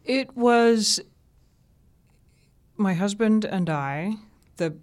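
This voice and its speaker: A woman radio journalist from the American South, telling relaxed, chatty anecdotes as an interview guest. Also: medium pitch, drawn-out words. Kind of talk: casual interview storytelling.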